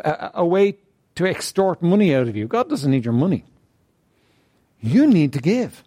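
A pastor with a high, slightly mellow voice preaches a sermon emphatically. He repeats key phrases and keeps asking the congregation "right?".

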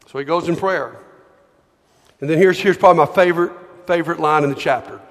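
A man preaching a sermon with a high-pitched voice. He talks in a loose, conversational way, repeats words, and slows down for scripture readings. The sound carries the long reverb of a church hall. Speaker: pastor.

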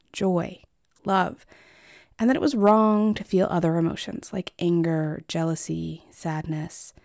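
A woman host of a therapy podcast speaks straight to her listener, whom she calls friend. Her voice sits at a middle pitch. The recording is dry and close, with no room sound. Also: vocal fry, dry recording. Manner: warm, conversational, addresses listener as friend. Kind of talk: solo podcast talk.

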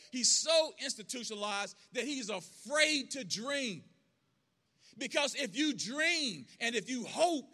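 Brief: high-voiced male preacher, earnest, repeats phrases in rhythm, outdoor service. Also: pushed and bright. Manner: earnest, rhythmic repetition, quick bursts. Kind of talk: storytelling sermon.

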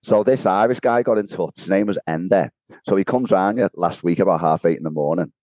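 A man's voice: low-pitched, fairly quick, darkish tone, no room sound, dull audio. A man co-hosting a podcast from his home kitchen, telling a story in casual chat and laughing often. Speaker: podcast co-host.

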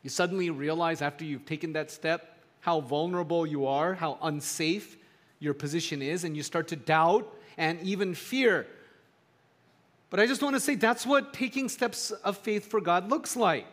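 Middle-aged man preaching, lively and conversational. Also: a little high, moderate pace. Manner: conversational, animated preaching with rising emphasis. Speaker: pastor. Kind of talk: sermon.

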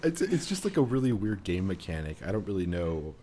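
A man's voice: low voice, sing-song, fairly quick, dark tone, slight background noise. A man co-hosting a podcast in casual chat, rambling and amused, with lots of fillers. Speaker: podcast co-host.

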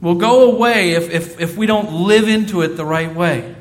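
A man's voice: high voice, moderate pace. A man in his thirties preaching a sermon, earnest and repeating phrases for emphasis. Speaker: pastor.

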